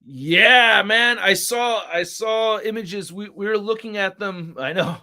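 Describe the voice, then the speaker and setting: A man's voice: high-pitched, slow, bright, forceful tone. A young man hosting a livestream, chatting casually in a laid-back, slangy way and telling stories to his chat. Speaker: livestream host.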